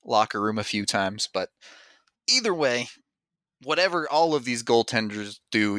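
A man's voice: fairly low pitch, sharp tone, no echo. A man hosting a hockey podcast in casual chat, steering the talk and laughing easily. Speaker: podcast host. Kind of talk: casual sports chat and host-read ad.

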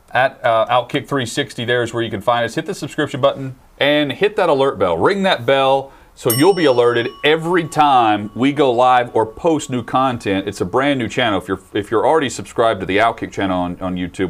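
A man hosting a sports talk show, reading channel plugs and chatting about football with fillers and restarts. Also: medium pitch. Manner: promotional, running through plugs with fillers. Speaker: show host.

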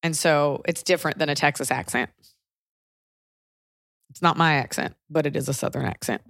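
A woman with a lowish voice hosts a casual podcast, spinning rambling, joking stories and tossing in the odd swear word. The mic is close and dry, with no room sound. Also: normal speed, vocal fry, a bit bright, no room sound. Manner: chatty, loose storytelling with jokes and swearing. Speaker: podcast host. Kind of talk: casual chat.

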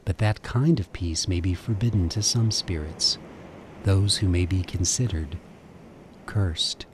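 A man hosting a radio show, introducing segments in a calm, measured, scripted way. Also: deep voice, noisy background. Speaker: radio host.

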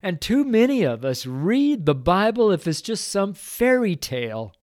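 A man's voice: high-pitched, big pitch swings, a little slow, darkish tone, no echo, clean studio sound. Earnest, emotional middle-aged man reading scripture. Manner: reads scripture aloud with rising fervor. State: choked up at times. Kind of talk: Bible reading with devotional commentary.

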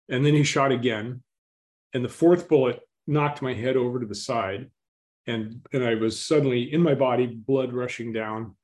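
Man, interview guest, storytelling, slow, calm, throat-clearing. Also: medium pitch.

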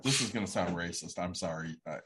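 A man's voice: low voice, brisk, a bit bright, husky. A man who owns a rage room business, talking candidly and matter-of-factly in a casual podcast chat.

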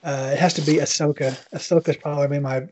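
A man guest in casual chat, relaxed and plain-spoken. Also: a little high, fast, a little hiss or hum. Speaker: podcast guest.

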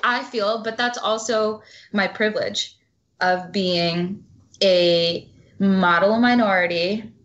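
A woman's voice: medium pitch, slow pace, a bit bright, dull audio. A woman guest talking bluntly and passionately in a casual interview, swearing freely.

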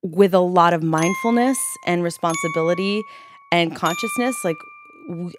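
A woman's voice: fairly low pitch, moderate pace, background noise. A woman from San Francisco, a publicist guest, talking in an upbeat, earnest way and laughing easily. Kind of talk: casual interview.

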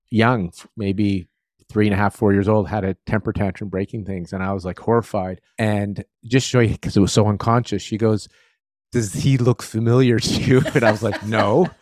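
A man's voice: lowish voice, no echo, studio quality. A middle-aged man hosting a podcast, chatty and anecdotal, telling stories from home life. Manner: chatty, storytelling, laughs often. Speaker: podcast host. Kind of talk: conversational interview.

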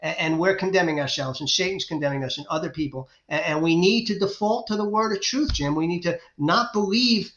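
A man, the guest author on a faith podcast, talking in a fervent preaching way and retelling stories with excitement. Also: high-pitched, brisk, few pauses, a little hiss or hum. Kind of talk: faith-based podcast interview. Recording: roomy, dull lo-fi sound.

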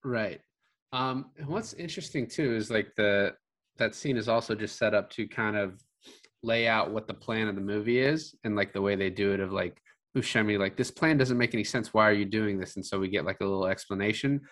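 A man's voice: on the low side, a little fast, fairly bright tone. A man co-hosting a podcast, chatting casually about a film in a rambling way full of filler words. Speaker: podcast co-host.

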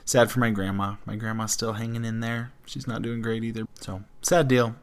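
A man's voice: fairly low pitch, level tone, normal speed, smooth. A man in his thirties co-hosting a family podcast in casual chat, easygoing and joking. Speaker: podcast co-host.

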